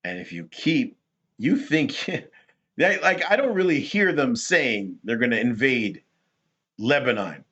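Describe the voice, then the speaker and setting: A man hosting rambling political commentary, talking in a rhetorical, animated way. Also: mid-range voice, takes it slowly, slightly rough, lo-fi sound. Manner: animated, rhetorical, laughs at his own points.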